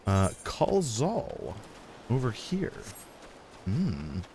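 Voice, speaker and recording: A man's voice: mid-range voice, huge pitch swings, extremely slow, dark tone, a little hiss or hum. Chatty man streaming a game. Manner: chuckling, chatty, thinks aloud. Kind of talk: casual gameplay commentary.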